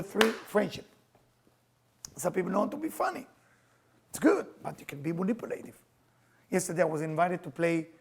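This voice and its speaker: A middle-aged man, a spiritual teacher, telling personal stories in an animated, earnest lecture, in halting broken English. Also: high voice, gravelly, breathy edge. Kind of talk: storytelling lecture.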